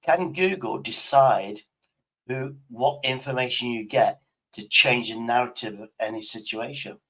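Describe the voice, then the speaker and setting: Guy streaming, rambling and sweary, mid pitch. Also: a little slow, sharp tone, rough recording. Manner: rambling, sweary, restarts his sentences. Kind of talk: casual chat with an AI.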